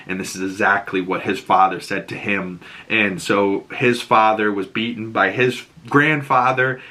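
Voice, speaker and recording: A man with a Boston accent giving an emotional, swearing, casual recap of a TV episode, acting out the quotes. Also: bright, forceful tone. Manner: emotional, swears, acts out quotes with rising pitch. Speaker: TV show reviewer.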